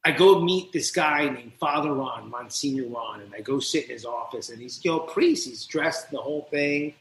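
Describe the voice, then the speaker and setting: A man's voice: mid-range voice, reverberant, slight background noise, rough recording. A man from New Jersey, a podcast guest and coach, telling his story candidly and acting out scenes as he goes. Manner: animated, quick, acts out scenes as he tells them.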